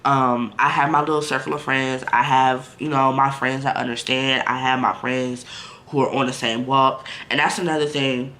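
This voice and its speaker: A man's voice: mid-range voice, level tone, normal speed, pushed and bright. A man talking candidly to the camera in a casual vlog, blunt and conversational, full of fillers and direct asides to viewers. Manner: candid and blunt, lots of "like" and "you know". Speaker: vlogger.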